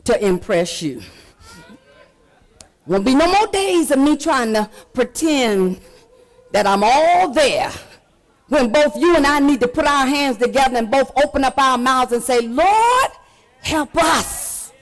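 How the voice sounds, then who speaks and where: A woman preaching a sermon with repeated call-and-response lines, dropping to hushed asides and then rising to shouts. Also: sits high, expressive, measured pace, pauses often. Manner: swings between hushed asides and shouted exhortation. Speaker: pastor.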